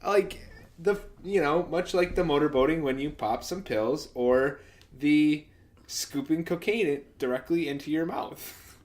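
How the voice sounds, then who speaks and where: A man's voice: on the high side, unhurried, darkish tone. A man co-hosting a podcast, giving wry, laughing commentary on a movie. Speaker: podcast co-host. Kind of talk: casual movie recap chat.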